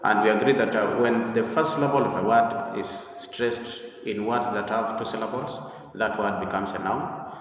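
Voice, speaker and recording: A man teaches a pronunciation lesson in a low voice, walking through examples deliberately with many hesitant pauses. He sounds far from the microphone in a big echoing room with a long reverb. The sound is dull and muffled, with faint ambient noise behind him. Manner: deliberate, repetitive explaining with frequent "uh" pauses. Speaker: English teacher. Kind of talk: slide-based pronunciation lesson.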